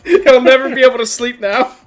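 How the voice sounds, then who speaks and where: A co-host of a casual gaming podcast, giggly and prone to loud outbursts. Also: sits high, steady tone, a little fast, over music. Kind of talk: casual chat about a tabletop game.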